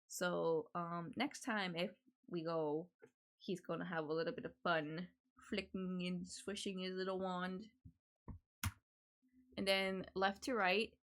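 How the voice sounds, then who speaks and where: Young woman streamer, gravelly low voice, loose and chatty at a desk mic. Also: a bit bright. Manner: chatty, swears a lot, laughs often. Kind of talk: casual chat.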